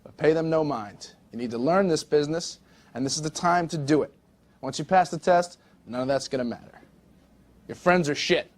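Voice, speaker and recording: A man's voice: moderate pace, lightly acted. A man playing a cocky rich young broker. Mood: boastful. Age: 20s. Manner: brash, profane recruiting pitch. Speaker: stockbroker boss. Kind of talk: film monologue.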